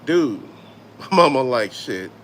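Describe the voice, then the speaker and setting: A middle-aged man with a Southern drawl talks loosely and swears freely, rambling through stories as he hosts a livestream. His voice sits at an ordinary middle pitch, and a faint hum of noise runs under it. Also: expressive, normal speed, fairly bright tone. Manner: laid-back, swearing, storytelling, reads chat aloud. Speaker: toy collector livestream host. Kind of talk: casual livestream chat.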